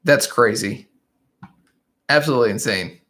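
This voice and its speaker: A man's voice: mid-range voice, normal speed, fairly bright tone. A man hosting a casual livestream, chatting and laughing often as he reads viewer comments. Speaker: livestream host. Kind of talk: casual live chat reading viewer comments. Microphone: desk microphone.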